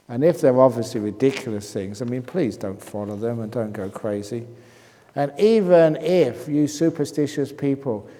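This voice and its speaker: A Buddhist monk from England answers questions at a retreat, spinning humorous anecdotes as he teaches. His voice is mellow and mid-pitched. A long hall reverb hangs behind every word. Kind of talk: Q&A talk at a retreat. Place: meditation hall.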